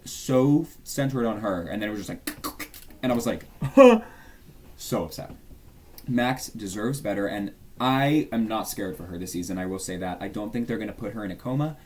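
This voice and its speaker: A man's voice: fairly low pitch, a little mellow. A young man chatting casually as a YouTuber, gushing and rambling about his favourites. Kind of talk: casual fan tier-list chat.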